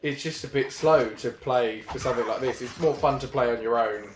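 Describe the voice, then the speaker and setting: A man's voice: medium pitch, a little fast, a little hiss or hum. A man giving jokey, casual commentary over a video game he is playing, swearing and putting on silly voices. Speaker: let's play commentator. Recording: roomy home recording with game music.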